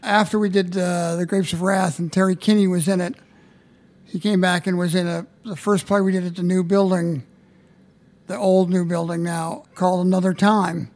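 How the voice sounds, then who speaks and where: A man with a notably high voice and a gravelly, fry-edged texture. He is a stage manager speaking as a guest on an interview show. His storytelling is dry, low-key and understated. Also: little pitch movement, normal speed, darkish tone.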